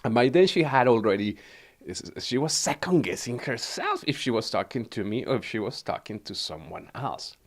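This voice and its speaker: Animated Mexican-accented man telling a story. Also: mid-range voice, moderate pace. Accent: Mexican Spanish. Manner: animated, laughs often, repeats words. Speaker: wellness livestream host. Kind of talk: casual personal storytelling.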